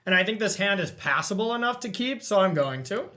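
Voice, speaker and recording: A man hosting a card game session, thinking aloud as he counts and checks his plays in relaxed, self-amused commentary. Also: high-pitched, brisk. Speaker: host playing a card game. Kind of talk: casual gameplay commentary.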